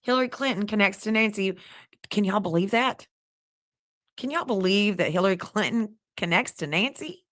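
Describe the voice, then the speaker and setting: A woman's voice: medium pitch, moderate pace. Chatty woman livestreaming. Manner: chatty and excitable, talks to viewers, laughs often. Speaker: livestream host reading astrology maps. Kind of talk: casual livestream chat.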